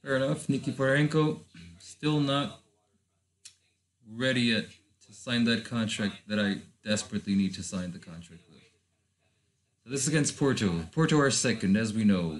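A gaming channel host from Lisbon, a native Portuguese speaker, offers casual let's-play commentary in English. He thinks aloud with rambling asides and sudden bursts of excitement, his fairly low voice moving at normal speed with long pauses.

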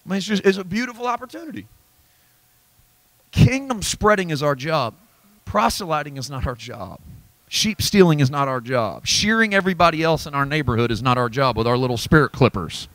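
A man preaching a sermon at a church Bible study, emphatic and folksy, dropping to low asides and climbing to high exclamations. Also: expressive, brisk, fairly bright tone, dry recording. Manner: folksy, self-deprecating humor. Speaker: pastor.

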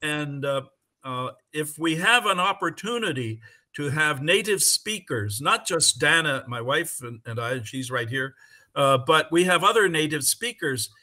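Middle-aged man, bright and slightly high, halting with lots of fillers, eager conference panelist on a video call. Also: expressive. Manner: halting, many fillers, enthusiastic. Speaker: conference panelist and English teacher. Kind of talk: conversational answer on a video call.

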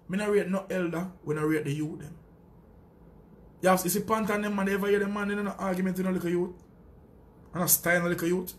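High-pitched Jamaican man ranting. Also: slight background noise. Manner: boastful, taunting, profane. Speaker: sound system selector. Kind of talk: heated callout rant.

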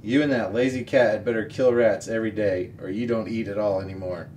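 A man's voice: lowish voice, fairly even intonation, fairly quick, darkish tone, a little hiss or hum, natural voice. A man reading aloud, voicing a cruel grown man who threatens and barks orders. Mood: threatening.

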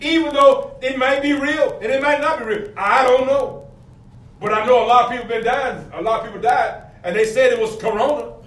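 A man's voice: very high voice, brisk, a bit bright. A middle-aged man preaching a fervent sermon, firing questions at his congregation. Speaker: pastor. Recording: echoey, from a distance, faint room noise.

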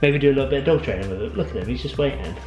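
A man's voice: medium pitch, lively intonation, racing, over music. A young man vlogging casually, upbeat and chatty, out walking his dog. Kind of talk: casual vlog chat. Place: outdoors on a hillside walking a dog. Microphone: handheld camera.

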